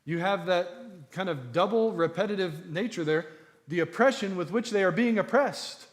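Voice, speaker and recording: A man's voice: sits high, normal speed. A man preaching a sermon in an earnest, emphatic teaching manner, with repeated phrases for stress.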